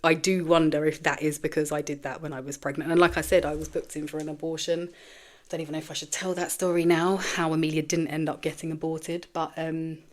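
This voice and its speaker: Low-voiced woman, frank and tearful. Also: level tone, brisk. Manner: frank and profane, with trailing restarts. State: tearful, emotional. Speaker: podcast host. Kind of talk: candid personal monologue.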